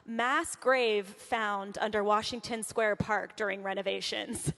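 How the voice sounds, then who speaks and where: A woman's voice: medium pitch, slow, vocal fry, a bit bright. A young woman from Southern California giving a chatty, upbeat talk on stage, laughing often. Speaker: conference speaker. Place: large hall on stage. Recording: long hall reverb.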